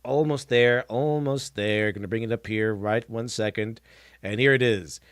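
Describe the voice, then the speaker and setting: A man's voice: fairly low pitch, moderate pace, clear, resonant tone, dry recording, studio quality. A man giving casual live-stream reaction commentary, blunt and mocking, scoffing at what he watches and restarting sentences as he goes.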